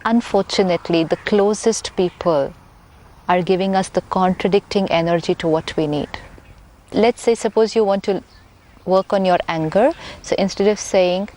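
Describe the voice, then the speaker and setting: Woman, spiritual teacher, patient explanations, repeats for emphasis, mid-pitched voice. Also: normal speed, warm tone. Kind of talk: calm explanatory talk.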